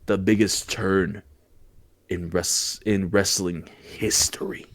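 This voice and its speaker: A man with a deep voice hosts a casual podcast, taking it slowly as he recaps wrestling. He tells the story animatedly, imitating wrestlers in exaggerated voices and tripping over and repeating words along the way. The recording is dry.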